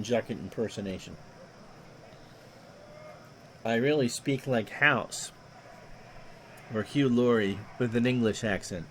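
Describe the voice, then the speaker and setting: A man's voice: medium pitch, slow pace, pauses often, slight background noise. A man doing play-by-play for a replayed baseball game, reading stats and joking with chat between plays. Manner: reads stats in a steady run, jokes with chat between plays. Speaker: play-by-play announcer.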